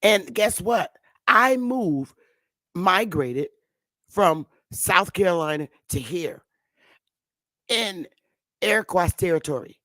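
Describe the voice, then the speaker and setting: A woman's voice: lowish voice, lively intonation, takes it slowly, pauses often, fairly bright tone, dry recording. A woman in her fifties giving a casual, rambling monologue to her viewers, repeating herself and calling them sweetheart and love. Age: 50s. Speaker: channel host. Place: Connecticut.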